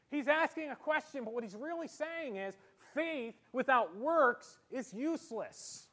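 A pastor preaching a sermon, animated, using comic voices and heavy sarcastic emphasis to make his points. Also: very high-pitched, normal speed, few pauses. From Italian heritage. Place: church.

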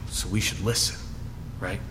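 A man preaching as pastor, reading scripture with emphasis and dropping to soft, low asides in a conversational way. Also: moderate pace, noisy background. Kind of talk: sermon.

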